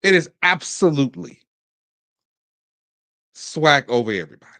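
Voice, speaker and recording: A man in his forties from Mississippi, hosting a casual sports commentary show, animated and talking in bursts with frequent restarts. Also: on the high side, normal speed, no echo. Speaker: podcast host.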